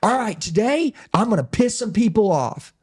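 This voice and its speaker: A man imitating a blunt, fiery male preacher who talks loud and direct. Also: high-pitched, animated, moderate pace, husky, voice pushed up. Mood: fiery preaching. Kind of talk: imitation of a sermon.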